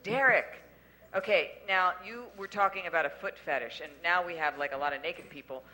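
A woman hosting a casual chat, playful and animated, often laughing. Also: lowish voice, a little fast, poor audio. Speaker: host.

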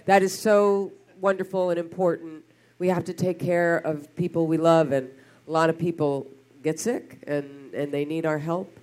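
A woman's voice: low voice, steady tone, normal speed, darkish tone. A woman hosting a radio talk show as a sex therapist, bubbly and joking with callers and co-hosts.

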